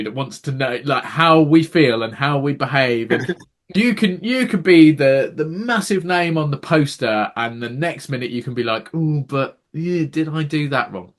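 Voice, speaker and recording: A man's voice: mid-range voice, animated, moderate pace. A man hosting a podcast, his voice in the middle range. He talks in a casual way and heaps praise and thanks on his guest. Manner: warm, effusive with praise and thanks. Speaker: podcast host. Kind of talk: casual interview.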